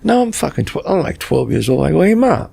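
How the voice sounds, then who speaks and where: An older man telling stories in casual podcast chat, animated and swearing freely, acting out relatives in quotes. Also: fairly high pitch, quick pace, gravelly, husky. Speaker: podcast guest. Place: podcast studio.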